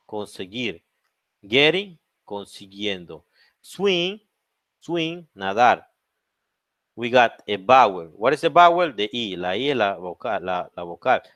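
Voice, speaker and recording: Bilingual male teacher, low dry voice. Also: fairly bright tone, no echo. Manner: explains in English then repeats in Spanish, many "okay?" checks. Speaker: English teacher. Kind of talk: bilingual grammar lesson.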